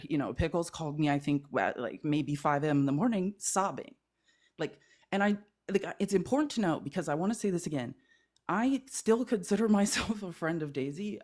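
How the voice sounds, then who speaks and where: This guest creator is a woman with a deep, somewhat dark voice. Chatting casually, she works through a personal story in an earnest, meandering way, dropping "like" and other fillers constantly.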